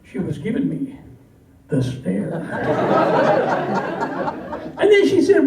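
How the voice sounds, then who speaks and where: A man's voice: high-pitched, wildly swooping pitch, slow pace, vocal fry, long pauses, warm tone. A man from Southern California reciting a humorous cowboy poem with folksy, dry comic timing. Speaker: cowboy poet. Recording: echoey, distant, noisy live recording.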